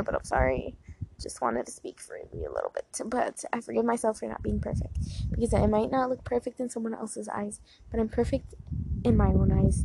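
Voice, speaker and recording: A young woman with a mid-range voice and vocal fry chats casually and leads guided affirmations, rambling and leaning heavily on "like" and "um." The recording is very noisy.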